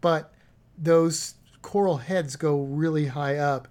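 A woman's voice: sits low, slow pace, a little mellow. A woman chatting casually about travel plans, rambling and correcting herself as she goes. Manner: rambling, self-correcting, chuckling.

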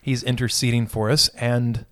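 A man's voice: mid-range voice, level tone, normal speed, a bit bright, dry recording, studio quality. A man who is a pastor, in a casual conversation about faith, thinking aloud and often correcting himself.

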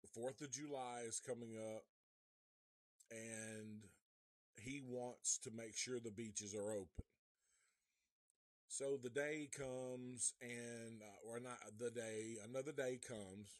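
A man's voice: medium pitch, steady tone, slow, no room sound. A man giving a casual live movie review, rambling and swearing freely, with many restarts. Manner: rambling, profane, restarts often.

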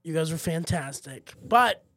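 A man with a high, light speaking voice chats casually as a comedian co-hosting a podcast. He tells his stories with animation and breaks into loud, excited bursts when acting them out. The sound is dry and close. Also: unhurried, no room sound. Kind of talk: casual chat, storytelling.

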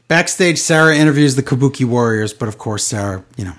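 A man's voice: mid-range voice, lively intonation, fast. A man hosting a casual wrestling podcast, giving sarcastic recaps with mocking impressions. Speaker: podcast host.

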